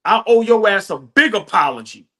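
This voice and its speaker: A man with a high, bright, forceful voice celebrates a win on a sports podcast. He swings his pitch widely and brags while cracking himself up. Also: normal speed. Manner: animated, boastful, laughs often. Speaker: podcast co-host. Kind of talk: excited post-game sports talk.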